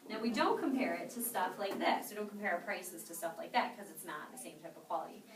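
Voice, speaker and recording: In a training room with a group, a young woman with a lowish, animated voice runs a sales training class at a fast clip. She's upbeat and keeps quizzing her trainees with "okay?" The room echoes, the mic sits far off, and there's heavy background noise.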